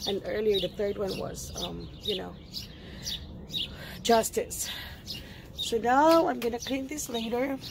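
A woman vlogging her morning on a phone in her backyard, chatting with pauses and fillers and cooing at her pet hens. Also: fairly high pitch, steady tone, vocal fry, background noise. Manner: chatty, hesitant, talks sweetly to her hens. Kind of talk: casual vlog commentary. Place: home backyard, outdoors.

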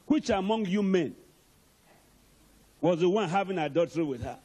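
Husky, animated male preacher. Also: sits high, normal speed. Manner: emphatic, calls out to the congregation. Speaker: archbishop, preacher. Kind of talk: sermon.

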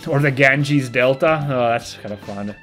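A man's voice: mid-range voice, unhurried, fairly bright tone, faint music behind. A young man casually commentating a game as he plays, rambling and correcting himself as he goes. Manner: rambling, self-correcting, chatty. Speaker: let's play host.

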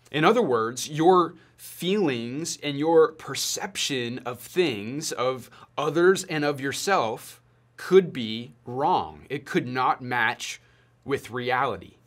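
Slow, deliberate young man preaching. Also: medium pitch, fairly bright tone. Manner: deliberate, measured delivery with pauses. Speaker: youth pastor. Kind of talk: sermon to students.

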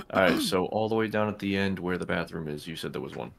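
A man's voice: low voice, creaky. A man streaming a game, chatting casually, swearing often and talking his partner through the game. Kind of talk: casual gaming chat.

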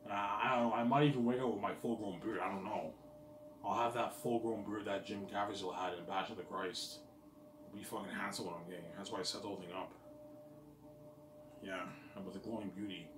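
A man's voice: on the low side, fairly even intonation, a little fast, echoey room, recorded from a distance, noisy background. A man talking casually to his viewers in a rambling, boastful, profane monologue. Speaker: vlogger.

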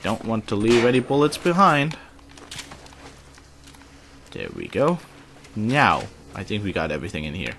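A man's voice: on the low side, huge pitch swings, a little slow, gravelly, long pauses, a little hiss or hum. A man commenting casually while playing a video game, politely addressing game characters and muttering curses. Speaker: gamer. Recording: loud keyboard typing behind.

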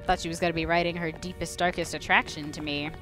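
A woman's voice: on the low side, fairly even intonation, fast, music in the background. A young woman playing a horror game and joking as she talks to herself and her viewers. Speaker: game streamer. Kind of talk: casual gameplay commentary.

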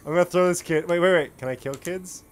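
A man's voice: sits high, fast talker. A man playing a video game with a friend, teasing her and swearing a lot. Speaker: let's play co-player. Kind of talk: casual gaming chat.

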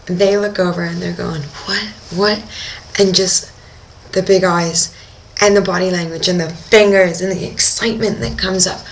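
Woman, young adult, dive instructor, casual video diary, animated storyteller, slightly low voice. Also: normal speed, gravelly, a little hiss or hum, low-quality recording. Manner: animated storytelling, acting out her own reactions.

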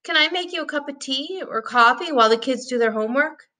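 A woman's voice: sits high, animated, fast talker, pushed and bright, voice pushed up. A woman voicing a cheerful, welcoming mother in a read-aloud storybook.

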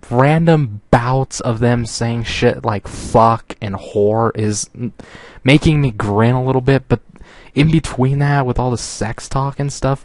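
A man's voice: mid-range voice, darkish tone, no room sound. A man reading fan fiction aloud and breaking off with exasperated sighs, asides and laughter.

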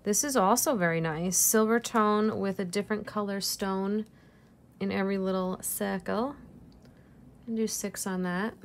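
A woman's voice: mid-range voice, fairly even intonation, a little slow, slight background noise. A woman reseller chatting casually through an unboxing, gushing over each piece and laughing at herself. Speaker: jewelry reseller vlogger.

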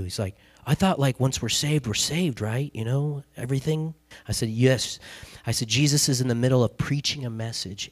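A man's voice: medium pitch, no echo. A male guest pastor telling a story in a sermon, chatty and casual, acting out the other people's lines. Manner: conversational, acts out quoted dialogue with laughs. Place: church sanctuary.

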